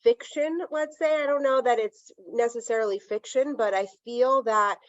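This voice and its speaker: A woman's voice: a little high, normal speed, no echo, dull audio. A woman hosting a casual podcast, speaking reflectively in long thoughtful runs. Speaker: podcast host.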